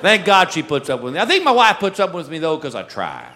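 A man's voice: fairly high pitch, wildly swooping pitch, fast, sharp tone. A middle-aged man doing stand-up comedy, telling folksy, self-mocking stories about his own mishaps. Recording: live show with audible audience noise.

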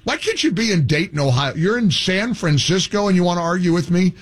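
A man's voice: high voice, expressive, a little fast. A man hosting a call-in radio talk show, arguing with a caller in a sarcastic, mocking and heated way.

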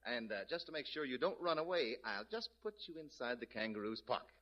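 An actor playing a brisk, patronizing circus attendant in an old-time radio comedy. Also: male voice, on the high side, big pitch swings. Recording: dull lo-fi old radio recording.

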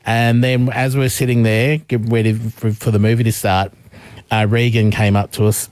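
A man, a radio co-host, telling a lively story in casual banter, laughing often and acting out what people said. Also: mid-range voice, normal speed, no echo.

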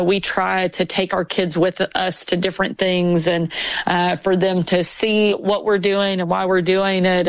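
A woman in her forties from Arkansas speaks as a governor guest on a podcast, telling relaxed family stories. Her voice has a noticeable gravelly fry at mid pitch. The sound is dry and close. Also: dry recording, rough recording. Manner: warm storytelling, laughs at own anecdotes. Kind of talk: casual interview chat.

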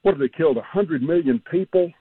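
A man's voice: fairly high pitch, fast talker, dry recording. A man calling into a radio show and ranting in a heated, indignant way. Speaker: caller. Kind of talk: phone-in rant. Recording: husky tinny phone line.

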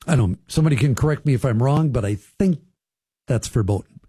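A man's voice: medium pitch, lively intonation, a little fast, mellow, slightly rough, dry recording. A man hosting a radio talk show, chatting casually with listeners and riffing on the news with folksy asides. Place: radio studio.

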